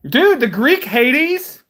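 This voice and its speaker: A man with a high, sharp, bright voice rants on a live stream, heated and defiant. He talks slowly and draws his words out, then breaks into loud shouts. He laughs often and fills his talk with "man" and "dude". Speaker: livestream host. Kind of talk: ranting live stream monologue.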